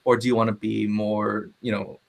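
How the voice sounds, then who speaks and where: A man with a slightly low, gravelly voice talks easily on a live panel. He pauses often and fills the gaps with "you know". His tone stays relaxed and unhurried. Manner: relaxed, hesitant, many fillers. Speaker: ukulele teacher. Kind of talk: casual panel chat.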